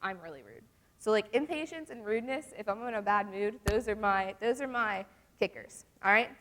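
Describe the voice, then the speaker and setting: A woman's voice: mid-range voice, animated, a bit bright. Earnest young woman teaching a lesson. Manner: earnest, conversational, reads verses slowly. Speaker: youth group teacher. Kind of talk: casual church lesson with scripture reading.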